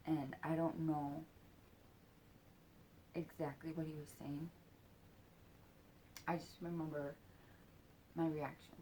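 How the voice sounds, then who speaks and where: A woman in her forties slowly unpacks an intense personal memory. Her voice sits slightly low and her pace drags, with long pauses. She swears freely, her voice surges when she is angry and then sinks almost to a whisper. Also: level tone, dark tone, slight background noise. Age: 40s. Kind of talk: emotional personal storytelling.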